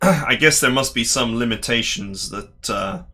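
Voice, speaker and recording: Bright-voiced man laughing through game commentary. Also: medium pitch, unhurried. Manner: laughs often, amused and rambling. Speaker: gaming YouTuber. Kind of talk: let's play commentary.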